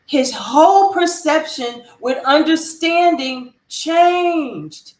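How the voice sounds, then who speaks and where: Brief: woman guest, high voice, lively storyteller, roomy echo. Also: a little slow, slight background noise. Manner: animated storyteller who acts out other people's lines. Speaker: guest counselor. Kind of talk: storytelling interview talk.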